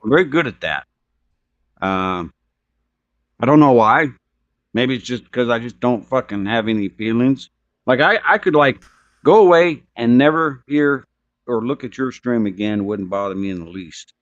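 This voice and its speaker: A man's voice: medium pitch, expressive, moderate pace, dry recording, highs cut off. A man talking casually on a stream, blunt and profane, giving strong opinions. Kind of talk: casual chat.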